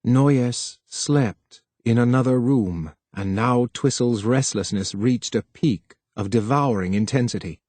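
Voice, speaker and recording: This is scripted narration: a man narrating a novel for an audiobook, speaking steadily and deliberately at a middle pitch. It's recorded close and dry, with no echo or room sound.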